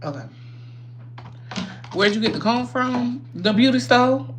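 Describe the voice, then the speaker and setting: A woman's voice: on the high side, expressive, a little slow, a little hiss or hum. A woman hosting a casual livestream while doing her makeup, chatty and rambling, swearing freely and talking straight to her viewers. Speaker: livestream host.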